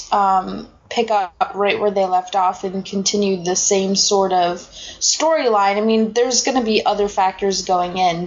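Enthusiastic woman on a lo-fi recording. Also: mid-range voice. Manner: quick, enthusiastic, laughs often. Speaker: podcast co-host. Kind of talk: casual chat. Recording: dull lo-fi audio.

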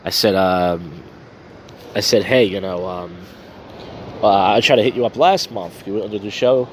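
A man's voice: on the low side, normal speed, a little hiss or hum. A man hosting his own podcast, rambling casually through his week with fillers and swearing while out on a walk. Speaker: podcast host. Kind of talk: casual solo chat on a walk. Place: outdoors on a street at night.

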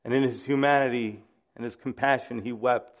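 A man's voice: mid-range voice, steady tone, normal speed, muffled recording. A man preaching a sermon, acting out the voices in the stories he tells. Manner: dramatic, acts out quoted voices. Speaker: pastor.

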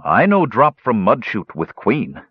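A man voicing an excitable, simple-minded male gully dwarf shaman who talks in broken, childlike grammar. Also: mid-range voice, measured pace, husky, dry recording, lo-fi sound, heavily acted. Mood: solemn.

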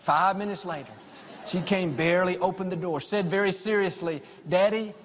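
A man's voice: high voice, a little fast, a little hiss or hum. A middle-aged male pastor preaching a sermon, telling personal stories and building to fervent declarations of blessing. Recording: dull sound with long hall reverb.

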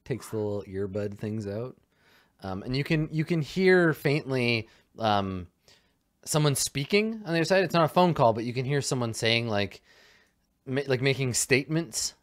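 A man's voice: mid-range voice, animated, moderate pace. A man narrating as game master of a tabletop game, describing scenes loosely with lots of fillers and restarts.

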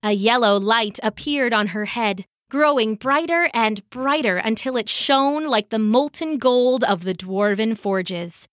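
A woman narrating a mythology story as scripted storybook reading, expressive and measured. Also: on the high side, dry recording, clean studio sound.

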